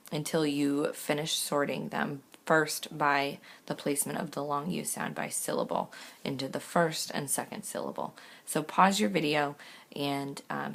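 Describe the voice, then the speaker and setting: A woman teacher giving a recorded lesson, reading words clearly one by one and explaining steps patiently. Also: low-pitched. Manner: slow, clear word-by-word reading; patient step-by-step instruction.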